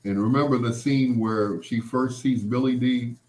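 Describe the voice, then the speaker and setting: A middle-aged man, hosting a show and telling stories in an animated way, laughing often and full of "you know" asides. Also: mid-range voice, normal speed. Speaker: podcast host. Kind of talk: storytelling monologue.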